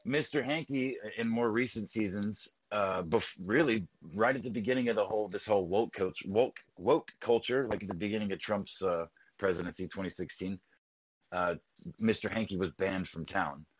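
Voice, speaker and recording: A man's voice: fairly low pitch, normal speed, breathy edge, dry recording, poor audio. A man rambling in casual podcast chat, swearing often and restarting his sentences.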